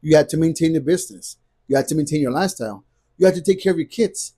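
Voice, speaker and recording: Husky, mellow-voiced man ranting to camera. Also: a little high, quick pace. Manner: emphatic, repetitive, ranting. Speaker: vlogger. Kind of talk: casual talking-to-camera vlog.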